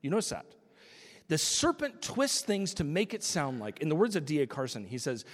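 A man's voice: a little high, wildly swooping pitch, moderate pace, big-room sound. A man preaching a sermon as pastor, acting out quotes and dropping to a whisper for emphasis.

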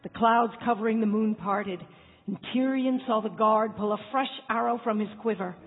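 A woman narrates a dramatic adventure in a husky, breathy voice. The recording is thin and phone-like, with a long hall reverb and faint music beneath. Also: on the high side, normal speed.

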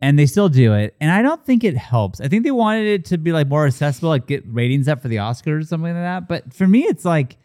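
A man co-hosting a casual podcast chat who reacts with quick, profane interjections. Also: on the high side, very animated, darkish tone. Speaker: podcast co-host.

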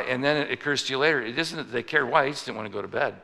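A man preaches in a loose, conversational way, with a gravelly edge and a bright, forceful tone. His phrases often restart as he works through his point. The sound carries a long hall reverb. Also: mid-range voice, very fast, few pauses. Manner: conversational, with frequent restarts and acted-out anecdotes. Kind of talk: sermon.

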